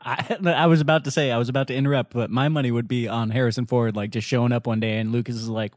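A man co-hosting a casual podcast chat, with quick agreeing interjections and playful remarks. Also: medium pitch, steady tone, dry recording, clean studio sound.

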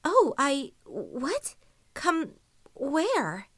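A woman voicing a frightened young girl who talks in a high, breathless, pleading way. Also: huge pitch swings, drawn-out words, a bit bright, no echo, studio quality, full character voice. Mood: startled.

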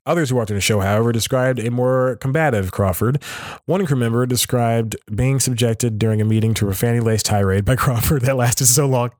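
A man's voice: medium pitch, fairly quick, darkish tone, no echo. Male podcast host, casual and rambling, laughs through his reading, dry close mic. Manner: chuckles often while reading, rambling self-corrections. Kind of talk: casual solo commentary, reading an article aloud.

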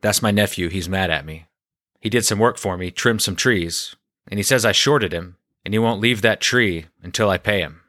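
A man's voice: on the low side, normal speed, bright, forceful tone, dry recording, studio quality. A man doing a laid-back prankster boss. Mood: offhand. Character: easygoing middle-aged male boss, prankster.

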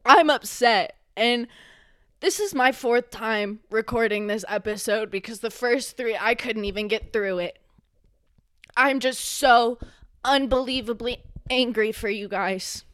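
A young woman hosting a solo podcast, speaking with raw emotion and swearing, sometimes rising to a yell. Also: on the high side, unhurried, no echo, studio quality. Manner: impassioned, swearing, rising to yelling when angry. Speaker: podcast host.

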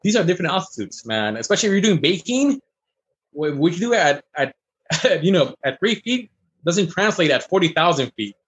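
A man who is a chef, chatting casually as a guest and telling stories in a fast, animated way. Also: on the high side, husky, lo-fi sound. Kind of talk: casual chat.

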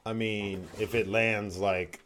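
A man's voice: fairly low pitch, level tone, slow pace, fairly bright tone, slight background noise. Young man laughing through casual chat. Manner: easygoing, laughs often. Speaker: podcast co-host.

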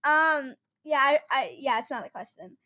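High bright giggly woman, playful podcast co-host. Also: expressive, normal speed. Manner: giggly, playful, talks back. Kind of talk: casual chat.

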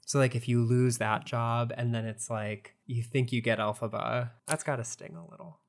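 Chatty American podcast co-host. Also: male voice, mid-range voice, normal speed. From United States. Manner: chatty, animated storytelling. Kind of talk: casual chat.

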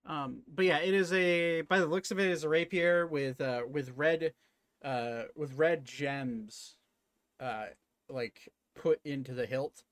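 A young man narrating a tabletop game as game master at home, with halting speech full of fillers. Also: on the high side, a bit bright, no room sound. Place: home, at a computer.

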